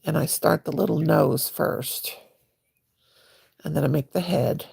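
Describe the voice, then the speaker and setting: A woman's voice: sits low, steady tone, unhurried, creaky, darkish tone, breathy edge. A woman hosting a crochet livestream, chatting to viewers in a rambling, folksy way while she crochets. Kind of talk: casual livestream chat.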